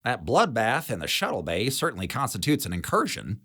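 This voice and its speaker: A man's voice: medium pitch, wildly swooping pitch, brisk, bright, forceful tone, pitched above the performer's own voice, exaggerated voice. A man voicing a blunt, jaded female security chief who smokes and talks in a dry, sardonic way.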